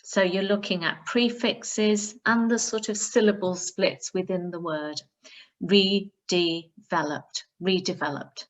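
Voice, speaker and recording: Woman teacher, unhurried and deliberate, mid-pitched, breaks words into parts for young readers. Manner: slow, careful, instructive, sounding out words. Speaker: primary school teacher. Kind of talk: recorded reading lesson for pupils.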